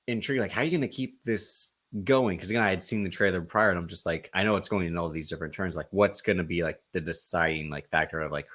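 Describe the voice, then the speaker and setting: Low-voiced man casually discussing TV on a podcast, rambling and chuckling between thoughts. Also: quick pace, hardly any pauses, a bit bright. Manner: laughs often, fills with um and like. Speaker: podcast co-host. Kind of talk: casual chat.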